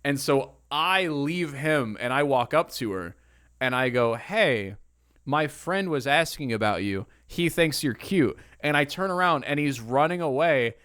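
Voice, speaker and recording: A man co-hosting a casual podcast chat, telling animated stories and acting out what other people said. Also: medium pitch, measured pace. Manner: animated storyteller who acts out other people's lines. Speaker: podcast co-host.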